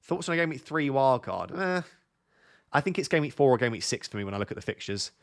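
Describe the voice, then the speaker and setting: A man of ordinary pitch who talks at length in an easygoing, joking way, answering viewer questions on a live stream from his home setup. He rambles happily from one answer to the next. He is relaxed and quick to tease. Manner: waffling, joking. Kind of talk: casual live-stream chat.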